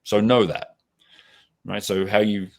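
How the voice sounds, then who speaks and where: A man's voice: on the low side, little pitch movement, measured pace. A man in his forties with an Australian accent, answering interview questions in a reflective, casual way with many restarts. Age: 40s. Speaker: podcast guest.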